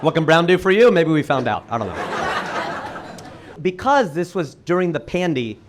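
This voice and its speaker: A man performing stand-up comedy with a voice that sits a little high for a man. He talks fast and lively and jumps sharply upward in pitch on his punchlines. A faint hiss of background noise runs under the set. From United States. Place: comedy venue with a live audience. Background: audience laughter.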